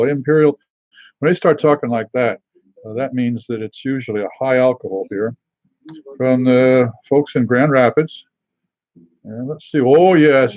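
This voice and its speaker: A middle-aged man hosting a live beer tasting stream, chatting casually with many pauses and fillers and greeting viewers by name. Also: medium pitch, darkish tone, no echo, highs cut off.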